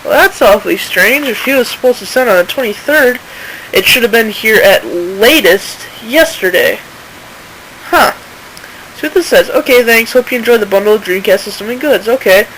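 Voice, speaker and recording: A woman's voice: a little high, normal speed, a bit bright, slight background noise, low-quality recording. Indignant woman narrating a screen recording. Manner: informal, indignant, reads messages aloud. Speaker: channel owner exposing a seller. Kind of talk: casual screen-recording commentary.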